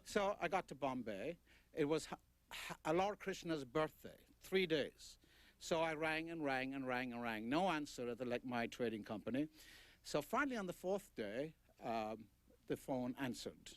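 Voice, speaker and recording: An older man, an author, telling rambling anecdotes at a book talk with many pauses and fillers. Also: mid-range voice, lively intonation, dry recording. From Ireland.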